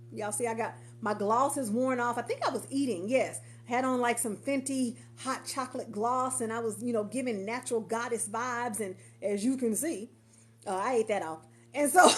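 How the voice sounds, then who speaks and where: Chatty woman coach on a livestream. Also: fairly high pitch. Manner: chatty, affectionate, rambling with repeats. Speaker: coach and marketer. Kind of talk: casual livestream chat. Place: at home on a couch.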